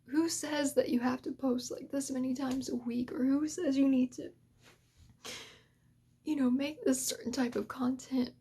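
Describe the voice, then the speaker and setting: A woman's voice: high voice, fairly even intonation, normal speed, dark tone, slightly rough. A woman hosting an ASMR channel gives an earnest, emotional talk to creators and drifts in and out of a whisper. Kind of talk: soft-spoken heartfelt talk to creators.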